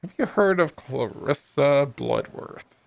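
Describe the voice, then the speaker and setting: A man reading a raccoon private detective in a noir video game, low and clipped, threatening when he questions people. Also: expressive, takes it slowly, gravelly, dry recording. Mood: questioning. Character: gruff raccoon private detective, menacing male.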